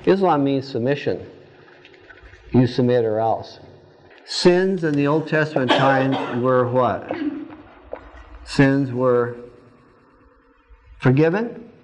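A man's voice: mid-range voice, slow, pauses often, poor audio. A man teaching a Bible study class, firing pointed questions at his students and answering them himself.

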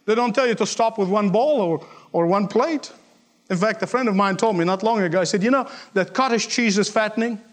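A man's voice: sits high, a little fast. A man preaching a sermon, emphatic, repeating key lines and acting out the voices in his stories. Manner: emphatic, repeats lines for effect, acts out quotes.

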